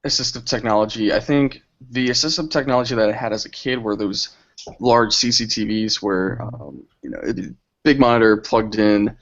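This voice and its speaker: A young man with a fairly low voice answers interview questions in a relaxed, reflective way. His speech comes through dull, muffled audio from an online call. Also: normal speed. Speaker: filmmaker guest.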